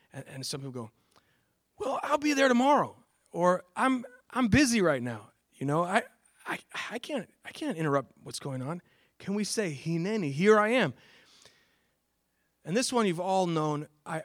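Lively, casual male preacher. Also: a little high, dry recording, studio quality. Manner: conversational, many fillers and restarts, bursts of emphasis on quoted words. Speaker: pastor. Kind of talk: casual sermon with slides.

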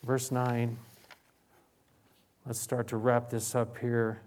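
A man preaches from the pulpit in an ordinary, middle-pitched voice. He stumbles and repeats words, then leans into loud, drawn-out emphasis before sinking into hushed, almost whispered phrases. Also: completely flat delivery. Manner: repeats words and restarts often. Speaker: pastor. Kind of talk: sermon.

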